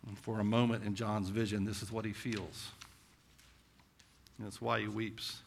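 A man with a Southern US accent preaching a conversational sermon, asking rhetorical questions and swinging between intense and hushed delivery. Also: fairly low pitch, little pitch movement, moderate pace, creaky, a little hiss or hum. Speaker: pastor.

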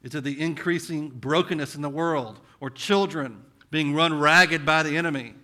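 A man with a Southern US accent preaching a conversational sermon, asking rhetorical questions and swinging between intense and hushed delivery. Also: on the high side, normal speed. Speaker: pastor.

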